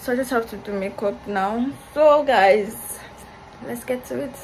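A woman's voice: a little high, a little slow, darkish tone, slight background noise, rough recording. A young woman vlogging candidly in casual, slangy talk from her hostel room, recorded on a phone camera. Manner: candid, upset and ranting, slangy. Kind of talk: casual vlog chat.

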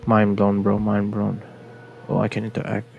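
Young male let's player, low gravelly voice, nervous repetitive muttering. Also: completely flat delivery, moderate pace, a little mellow, lo-fi sound, a little hiss or hum. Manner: jittery, repeats words in nervous runs. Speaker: gameplay streamer. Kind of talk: let's play commentary.

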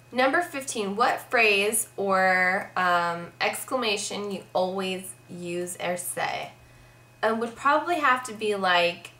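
A woman's voice: medium pitch, measured pace, pushed and bright, roomy sound. A young woman vlogging in a casual, rambling chat to camera, filling her sentences with "like". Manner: chatty, rambling, heavy use of "like".

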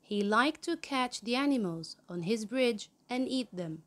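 A woman reads a children's picture-book story aloud, taking each phrase slowly and clearly. Her voice sits fairly high, and she is in no hurry at all. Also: animated. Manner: slow, clear storybook reading. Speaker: storyteller host of the channel.

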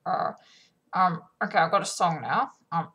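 A woman voicing an awkward, hesitant male pet rat in a homemade comedy video, halting and deadpan, with lots of ums. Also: fairly low pitch. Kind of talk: home comedy video with a sung bit.

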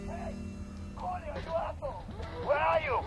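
An irritated guard in a video game, shouting for a comrade who never answers. The voice rides very high and swings widely, and it sounds distant over game music. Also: male voice, very animated, moderate pace, vocal fry, heavily acted. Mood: exasperated. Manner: shouting, exasperated.

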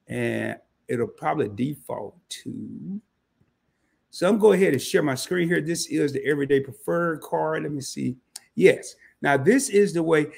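Male live-stream host with a gravelly, raspy voice, loose and slangy, chatting straight to his viewers. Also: medium pitch. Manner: loose slangy banter, greets viewers by name; frequent fillers and self-corrections. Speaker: credit card channel host. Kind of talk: casual live stream talk to chat.

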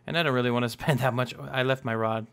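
A man's voice: mid-range voice, steady tone, fast, creaky, fairly bright tone, clean tone. A young man giving casual, rambling commentary while playing a building game, joking and correcting himself as he talks. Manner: rambling, self-correcting, jokey. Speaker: gaming YouTuber. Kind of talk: casual Minecraft let's play commentary.

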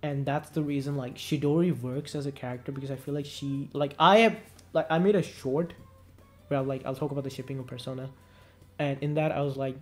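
A man's voice: medium pitch, fairly even intonation, fairly quick, darkish tone, soft background music. A man hosting a gaming video, talking casually and enthusiastically, with lots of "like" fillers and restarts. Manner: rambling, fills speech with "like", enthusiastic.

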